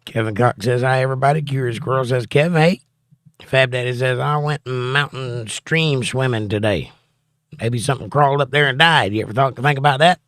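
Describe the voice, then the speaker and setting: A man's voice: medium pitch, a little fast, fairly bright tone, no echo, clean studio sound. A man hosting a casual livestream from home, reading viewer chat aloud and joking back. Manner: reads chat messages aloud, wisecracking.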